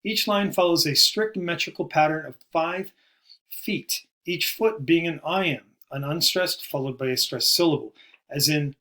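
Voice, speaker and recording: A man giving a recorded poetry lesson, explaining terms in a measured way and slowing down to stress key words. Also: on the high side, pushed and bright. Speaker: poetry teacher. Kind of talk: recorded video lecture.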